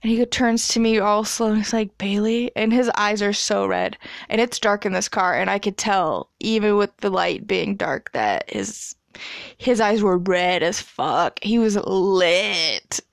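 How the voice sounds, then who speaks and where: A woman's voice: medium pitch, a little slow, creaky, no room sound, clean studio sound. A woman in her twenties casually telling a story, chatty and profane, laughing as she goes. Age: 20s.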